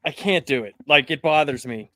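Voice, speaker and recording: A man's voice: a little high, moderate pace, pushed and bright, dry recording, clean studio sound. A man co-hosting a podcast in casual chat, blunt and exasperated, often stammering over his words. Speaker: podcast co-host.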